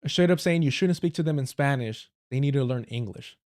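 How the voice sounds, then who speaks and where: A man's voice: medium pitch, brisk, darkish tone. A man from Southern California with a Southern Californian accent, giving blunt, heavily profane casual commentary as a livestream host. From Southern California, United States. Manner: blunt and profane, with frequent swearing and laughing asides.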